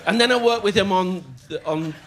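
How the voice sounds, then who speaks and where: An older man telling show-business anecdotes as a guest on stage, animated and often laughing as he slips into other people's voices. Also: sits high, fairly quick, background noise. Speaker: comedian guest. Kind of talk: storytelling anecdotes in conversation. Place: on stage in a theatre before a live audience.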